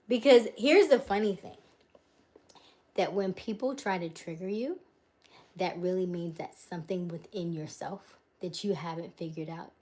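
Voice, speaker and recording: Her voice fairly low and darkish in tone, a woman chats on a casual livestream from her home during a move. She answers viewer comments out loud, laughs often, and tends to trail off.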